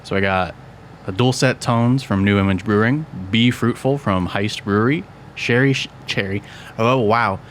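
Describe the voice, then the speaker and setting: A man's voice: lowish voice, moderate pace, a little hiss or hum. A man co-hosting a casual podcast, laid-back and swearing casually as he reads out beer names. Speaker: podcast co-host. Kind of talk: casual chat.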